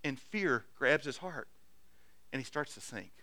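A man preaching a sermon as pastor, earnestly urging his congregation, swinging from loud exhortation to quiet, intimate asides with frequent restarts. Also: mid-range voice, expressive, measured pace, dry recording.

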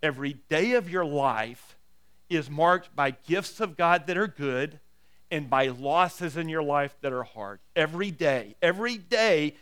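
A man preaching a sermon as a pastor, swinging from loud, emphatic exhortation to a quiet, intimate prayer, often repeating words as he starts a phrase. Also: fairly high pitch, unhurried, clean tone.

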